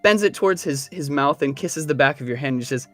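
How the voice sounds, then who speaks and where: A man narrating as game master of a tabletop game, talking in an unhurried, halting way with many fillers. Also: on the high side, expressive, fairly bright tone, faint music behind.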